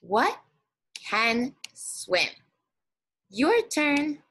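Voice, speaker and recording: A woman teacher leading a guided reading lesson for young children, speaking slowly and encouragingly and stretching out words. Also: sits high, very animated, a bit bright, breathy edge, poor audio.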